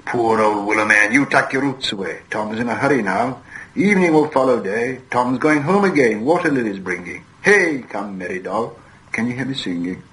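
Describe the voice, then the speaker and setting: A man's voice: mid-range voice, lively intonation, moderate pace, fairly bright tone, slightly rough, pitched above the performer's own voice, low-quality recording. Man reading as Tom Bombadil, singing and rhyming. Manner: rhyming, sing-song patter, old rustic dialect. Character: merry old rustic nature spirit, sing-song. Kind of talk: archival dramatic reading.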